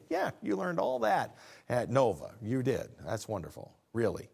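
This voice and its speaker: Pastor, male, 50s, animated sermon delivery with rhetorical questions. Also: mid-range voice, measured pace, creaky, slightly rough. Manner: preaching with rhetorical questions and acted-out dialogue.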